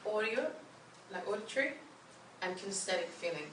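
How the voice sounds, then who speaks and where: A woman with a bright, forceful voice leads a group workshop, upbeat and encouraging. She sits a little high for a woman and sounds far from the mic in a roomy space with a faint hum behind her. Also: moderate pace. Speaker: wellness coach leading a workshop.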